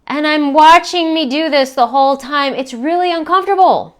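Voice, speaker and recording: A middle-aged woman with a high, bright-sitting voice talks through her own feelings as a self-help coach. She is frank and self-questioning and drops a casual swear word now and then. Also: normal speed. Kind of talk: candid personal vlog talk.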